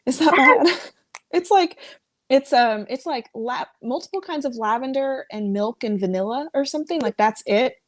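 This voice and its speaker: A woman's voice: high voice, animated, moderate pace, no room sound. An American woman guesting on a casual fragrance chat, rambling easily with lots of fillers and small laughs.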